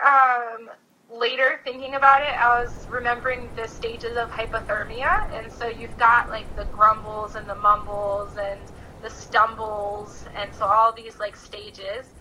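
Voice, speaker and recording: A woman guest on a podcast tells a story in an animated, chatty way, sprinkling in "like" as she goes. Her voice is bright and somewhat high-pitched. Faint noise sits behind her. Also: low-quality recording. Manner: animated, chatty, frequent "like" fillers. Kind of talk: casual storytelling.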